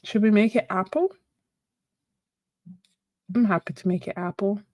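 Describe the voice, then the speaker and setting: A woman's voice: mid-range voice, measured pace, dry recording, muffled recording. A woman hosting a casual art livestream, chatting, laughing often and thinking aloud. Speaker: art channel host.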